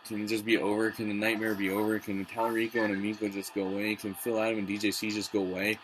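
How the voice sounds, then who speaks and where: A man's voice: on the low side, flat delivery, fast talker, fairly bright tone, slight background noise, poor audio. A man streaming a game live, ranting casually with lots of swearing and exasperation. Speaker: gaming streamer.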